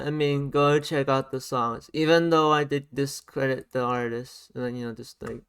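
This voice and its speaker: In a smooth mid-range voice, a music reaction YouTuber gives casual, animated commentary on a track's production over the playing song, often repeating himself as he highlights specific sounds.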